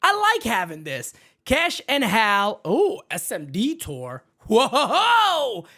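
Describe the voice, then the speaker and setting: A man hosting a baseball fan live stream from his home setup, hyped and shouting out viewers in the chat by name. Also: very high-pitched, huge pitch swings, slow. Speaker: baseball fan show host.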